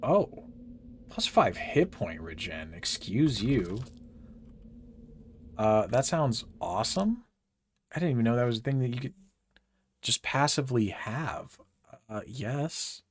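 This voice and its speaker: A man's voice: medium pitch, animated, unhurried, pauses often, a little hiss or hum. A man giving casual, exasperated commentary while playing a game, swearing and laughing as he rants. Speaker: gaming channel host.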